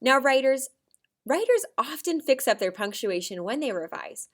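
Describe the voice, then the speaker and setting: A woman teacher giving a recorded lesson to young children, expressive and acting out examples with big shifts in her voice. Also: high-pitched, moderate pace.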